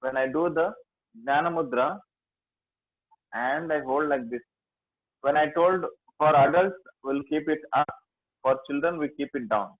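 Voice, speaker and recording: Slow Indian-accented man teaching yoga. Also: on the high side, dry recording. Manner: slow, halting instructions with many fillers, chanting and singing tones. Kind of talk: guiding a mudra and mantra class. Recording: dry, phone-like lo-fi sound.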